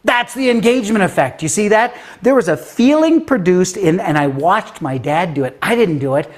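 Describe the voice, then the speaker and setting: Speaking at a moderate pace with few pauses, in a voice on the high side, a fifty-something guest author from Denver, USA, tells an interview story. He's animated and performs the voices of people he quotes, with plenty of filler words.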